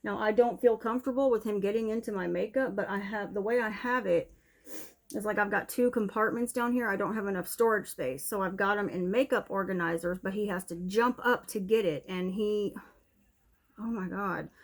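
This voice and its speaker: A young woman chatting through her favourite beauty products in a relaxed, candid way, a touch out of breath. Her voice sits at an ordinary middle pitch. She talks straight to the camera like she is speaking to a friend. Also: moderate pace. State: a little out of breath. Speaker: beauty vlogger. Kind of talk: casual product review chat. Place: home room, TV on in background.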